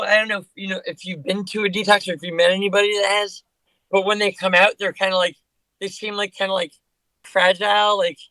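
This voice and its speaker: A man's voice: high-pitched, bright, forceful tone, no room sound, rough recording. A man who is a guest musician on a podcast, talking casually and rambling with many restarts.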